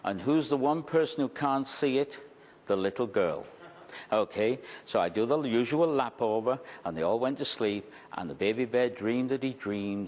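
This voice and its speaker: Lively male storyteller in a reverberant hall. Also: fairly low pitch. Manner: animated storyteller, repeats phrases for emphasis. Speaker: magician giving a conference talk. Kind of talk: storytelling lecture. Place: large conference hall.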